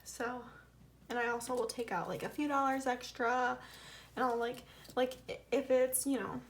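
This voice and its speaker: A woman's voice: high-pitched, steady tone, normal speed. A woman with a Southern US accent talking through her budget in a casual vlog, counting bills aloud and sometimes murmuring the tallies under her breath. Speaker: budgeting vlogger.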